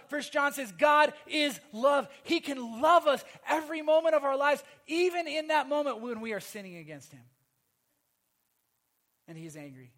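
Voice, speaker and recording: A male pastor preaches a sermon in an unusually high voice, alternating forceful, loud passages with soft, hushed ones. He leans on emphasis, repeated phrases, and calls for amen.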